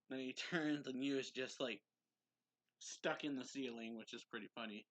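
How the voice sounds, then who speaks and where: A man's voice: mid-range voice, normal speed, long pauses, fairly bright tone. A young man casually recapping a manga chapter as a reviewer, rambling with lots of fillers. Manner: rambling, filler-heavy with 'like' and 'and so'.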